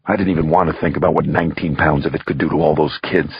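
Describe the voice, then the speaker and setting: Man, audiobook thriller narrator, raspy and low, dull lo-fi recording. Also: steady tone, fast talker. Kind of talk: first-person thriller narration.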